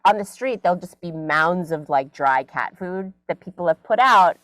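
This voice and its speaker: A middle-aged woman comedian telling a story in a casual interview from her home closet, animated and full of fillers. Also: fairly low pitch, normal speed, dry recording, low-quality recording. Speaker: comedian guest.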